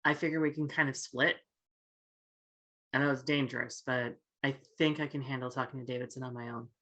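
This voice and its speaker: Rapid player, matter-of-fact, mid pitch. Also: fairly even intonation, a bit bright, muffled recording. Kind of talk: tabletop role-play chat.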